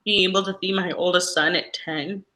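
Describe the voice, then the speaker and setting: Bright-voiced emotional woman teacher. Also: on the low side, steady tone, moderate pace, poor audio. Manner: emotional, hesitant, tearful. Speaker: teacher and interview guest. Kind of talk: personal interview.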